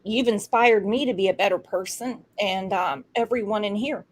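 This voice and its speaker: A woman's voice: medium pitch, moderate pace. A woman hosting a true crime livestream, interviewing a guest in an effusive, encouraging way. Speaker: true crime channel host.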